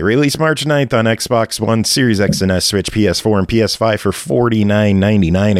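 A podcast host with a lowish male voice runs the show in a blunt, casual way, swearing freely between read-out game details. His voice sits close to a desk mic in a dry, dead room. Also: no room sound.

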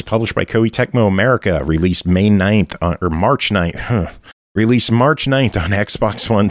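A podcast host with a lowish male voice runs the show in a blunt, casual way, swearing freely between read-out game details. His voice sits close to a desk mic in a dry, dead room. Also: no room sound.

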